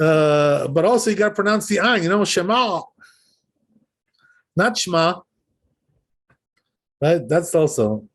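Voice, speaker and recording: Speaking in a fairly high, animated voice, this rabbi moves briskly with hardly a pause through an informal religious lesson for his class. He explains along the way, says words aloud to show their pronunciation, and keeps asking "right?" and "you know?".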